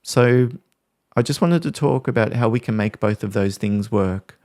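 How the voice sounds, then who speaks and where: A man hosting a podcast, calmly explaining ways to handle conflict with examples from family life. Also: medium pitch, normal speed, dry recording, studio quality. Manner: calm, explanatory, talks through examples. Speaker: podcast host. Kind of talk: podcast talk on parenting conflict.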